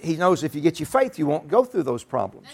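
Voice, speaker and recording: A man's voice: a little high, big pitch swings, a little fast, gravelly. A middle-aged man preaching a sermon in a folksy, emphatic way. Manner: folksy, emphatic, rising to shouts and laughter. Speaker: pastor.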